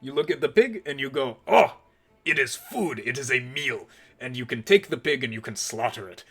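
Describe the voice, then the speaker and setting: A man's voice: medium pitch, animated, fairly quick, fairly bright tone, slightly rough, soft background music. A man voicing a stern, scornful male head chef who lectures in formal speech without contractions. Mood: lecturing.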